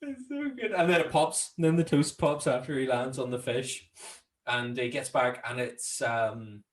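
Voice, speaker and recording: A Northern Irish man co-hosting a podcast, recapping scenes in casual chat, laughing often and jumping into high, silly voices when quoting characters. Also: expressive, moderate pace. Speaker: podcast co-host.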